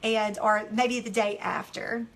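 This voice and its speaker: A middle-aged woman giving a devotional teaching talk, telling candid stories with animated delivery and acting out what people said. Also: medium pitch, slow, a little hiss or hum. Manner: animated, candid storytelling that acts out its own quotes. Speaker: devotional author and speaker.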